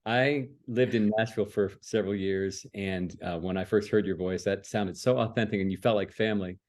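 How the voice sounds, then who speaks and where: A man's voice: fairly low pitch, fairly even intonation, a little fast, darkish tone. A man from Maryland, a producer co-hosting the interview, talking in an enthusiastic, affirming way and laughing easily. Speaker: producer, co-host. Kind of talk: casual interview chat.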